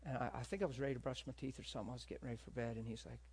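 A male preacher telling his own story in a sermon, animated and swinging between loud bursts and hushed asides. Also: mid-range voice, racing, husky. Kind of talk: sermon testimony.

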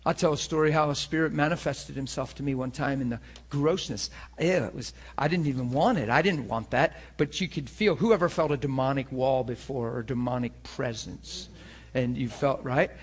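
A man preaching a sermon to a class, talking in an animated, conversational way. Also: medium pitch, moderate pace, breathy edge.

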